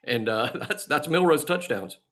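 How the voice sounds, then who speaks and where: With a slightly high, somewhat bright, expressive voice at a moderate pace, a man co-hosts a casual sports podcast. He tells stories and makes his picks in a rambling way, laughing a lot and often stopping to restart amid plenty of fillers.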